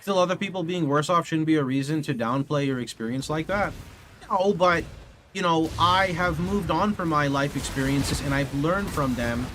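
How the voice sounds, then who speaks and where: A man's voice: on the high side, moderate pace. A man streaming live, telling rambling stories and chatting with his viewers in a loose, self-correcting way. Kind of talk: casual livestream chat, answering chat. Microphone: studio condenser mic. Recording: steady background noise. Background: steady noise.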